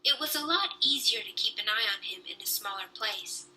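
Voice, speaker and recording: A young woman reading a children's book aloud with lively storytelling. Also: fairly high pitch, moderate pace, rough recording.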